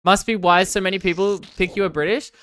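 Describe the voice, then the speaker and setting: A woman's voice: mid-range voice, fairly even intonation, brisk, smooth, dry recording. A young Australian woman streamer from Victoria, chatting casually and sarcastically with her viewers. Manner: joking, sarcastic, loud bursts of protest. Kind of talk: casual live-stream chat reading viewer comments.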